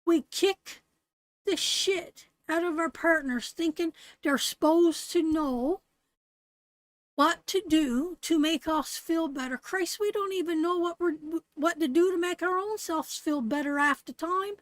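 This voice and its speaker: A middle-aged woman from Canada hosting a live tarot show, her voice sitting high. She talks bluntly and curses freely while giving viewers a pep talk. The sound is dry and close, with no room echo. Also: measured pace. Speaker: tarot reader and host. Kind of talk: live-stream tarot reading and chat.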